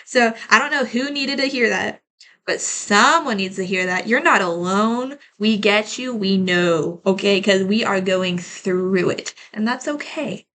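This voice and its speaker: A woman's voice: medium pitch, measured pace, pushed and bright. A woman giving a casual tarot reading to her viewers, chatty and rambling with lots of "like" fillers, calling her audience y'all. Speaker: tarot reader.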